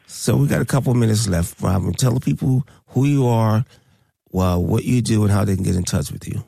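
A man's voice: lowish voice, a little fast, vocal fry, dark tone, slightly rough, no room sound, studio quality. A man hosting a radio talk show, speaking in a preachy, emphatic way and repeating his points.

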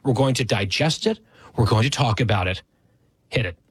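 A man's voice: mid-range voice, expressive, moderate pace, breathy edge, dry recording. A man hosting a talk radio show, chatty and self-deprecating, thanking his fill-in hosts. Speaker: radio host.

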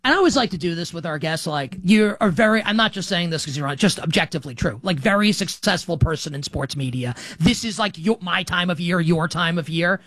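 A man's voice: a little high, animated, brisk, few pauses, a bit bright, dry recording. A man hosting a sports talk show, chatting casually and restarting his sentences often. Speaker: sports podcast host. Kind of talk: casual chat.

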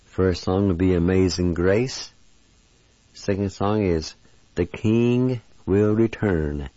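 A man with a deep, mellow voice leads a language lesson at an unhurried pace. He sounds out each word one syllable at a time. The recording is dry and dull, with a lo-fi quality. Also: no echo. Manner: slow, breaks words into syllables. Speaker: language teacher.

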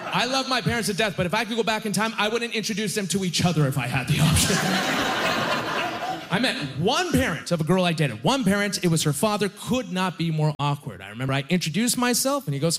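Young man, stand-up comedian, fairly high voice, self-deprecating, chatty storytelling. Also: animated, a little fast, background noise. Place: comedy club stage with audience.

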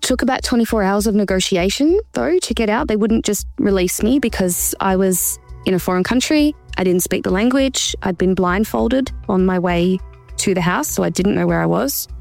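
A woman giving earnest, measured interview answers about a hard personal experience. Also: medium pitch, gravelly, darkish tone, faint music behind. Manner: earnest, measured, acts out quoted voices. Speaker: interview guest, survivor telling her story.

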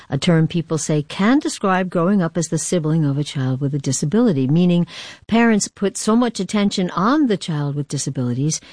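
A woman radio host reading a scripted introduction to a feature in a steady, explanatory way. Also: fairly low pitch, dry recording, studio quality.

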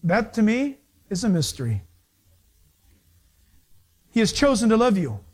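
A man's voice: high voice, very animated, a little slow. A male pastor preaching a sermon, telling stories and acting out the voices of the people in them. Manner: storytelling, acts out other people's voices.

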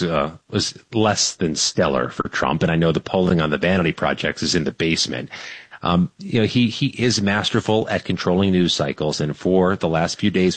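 A man giving measured, wry political analysis as a weekly radio guest. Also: low-pitched, no echo.

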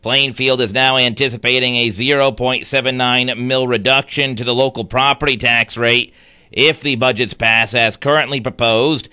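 A man reading the news and chatting on air as a radio news anchor, with a steady newsreader delivery. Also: medium pitch, moderate pace, clear, resonant tone, no echo, studio quality. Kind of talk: radio newscast and on-air chat. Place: radio studio. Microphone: studio microphone.

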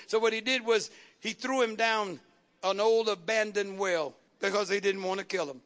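A man's voice: high-pitched, fairly bright tone. A man preaching a fervent sermon, calling out to the congregation and asking for responses.

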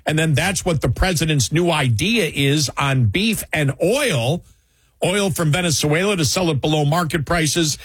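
A man with a husky, somewhat high voice, speaking in a heated and indignant way on a political talk show. The recording is close and dry, with no room sound. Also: a little slow, fairly bright tone, no room sound.

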